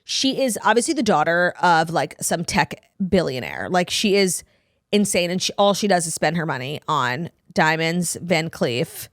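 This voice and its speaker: A woman's voice: on the low side, big pitch swings, moderate pace, dry recording, clean studio sound. A woman in her thirties co-hosting a podcast, chatting casually and gossiping with many "like" fillers. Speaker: podcast co-host. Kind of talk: casual chat.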